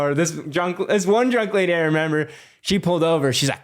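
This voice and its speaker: A young man in his twenties, a podcast guest telling a story in a loose, animated way with lots of fillers and swearing. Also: a little high, fairly quick. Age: 20s. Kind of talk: casual storytelling.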